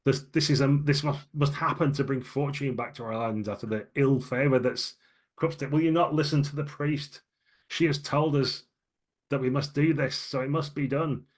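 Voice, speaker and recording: A man's voice: medium pitch, fairly even intonation, normal speed, pitched above the performer's own voice, lightly acted. A man doing a pushy, zealous bald islander. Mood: insistent. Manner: pleading, pushy, stammering.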